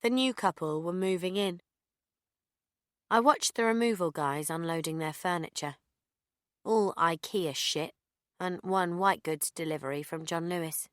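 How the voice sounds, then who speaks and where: A woman reading a first-person audiobook in a deadpan, sardonic manner. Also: fairly low pitch, unhurried, dry recording, studio quality. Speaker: audiobook narrator.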